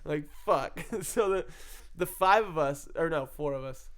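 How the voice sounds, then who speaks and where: In an unhurried, fairly high, fairly bright voice, a man shares his own addiction story. He wanders through it casually, cursing freely and laughing between phrases.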